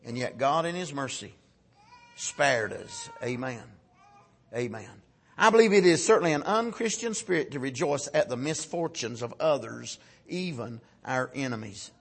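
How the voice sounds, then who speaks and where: A man preaching a folksy sermon, swinging from loud shouted peaks down to low, quiet asides. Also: expressive, moderate pace, creaky, slightly rough.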